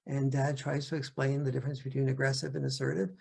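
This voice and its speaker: An older man gives a talk over a video call, halting and restarting as he searches for words. His voice is deeply gravelly, with a husky, rough edge at a middling pitch. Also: flat delivery, darkish tone. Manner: halting, many restarts and fillers. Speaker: guest speaker. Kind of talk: lecture-style talk.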